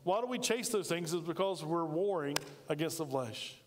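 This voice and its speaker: High-voiced male preacher in echoing hall. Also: lively intonation, moderate pace, noisy background. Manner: conversational preaching with asides and rhetorical questions. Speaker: pastor. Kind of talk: sermon. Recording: reverberant hall.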